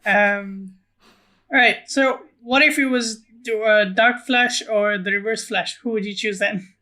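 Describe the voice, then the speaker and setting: Bright, mid-pitched co-host, brief, question-led podcast delivery. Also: fairly even intonation, a little slow. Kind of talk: casual film podcast chat.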